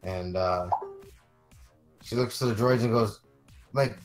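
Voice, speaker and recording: A man playing a tabletop game who calmly narrates what his character does in third person. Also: fairly low pitch, unhurried, long pauses, faint music behind, poor audio. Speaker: player. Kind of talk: tabletop role-play.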